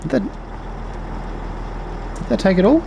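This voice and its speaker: A man hosting a casual let's play, relaxed and talking through each task as he plays. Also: high voice, a little slow, creaky, a little hiss or hum. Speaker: gaming channel host.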